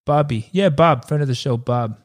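A man's voice: mid-range voice, normal speed. Joking, rambling podcast man. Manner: jokey, rambling with fillers and laughs. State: hungover. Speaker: podcast co-host. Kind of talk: casual chat.

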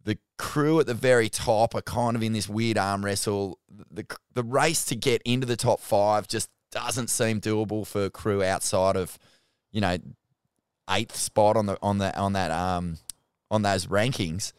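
A man co-hosting a podcast in casual chat, excitable and swearing freely. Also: on the low side, a little slow, smooth, no echo, studio quality. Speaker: podcast co-host.

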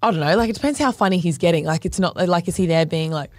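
A woman's voice: lowish voice, fast talker, no echo. A woman in her twenties with an Australian accent, co-hosting a podcast in frank, chatty talk full of fillers. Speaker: podcast co-host. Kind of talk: casual chat.

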